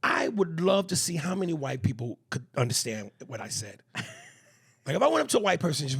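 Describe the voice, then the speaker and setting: A man with a New York accent co-hosting a comedy podcast, talking in profane, animated banter and reading listener messages aloud. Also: fairly high pitch, fairly quick, vocal fry, slightly rough. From East Coast of the US. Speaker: podcast co-host.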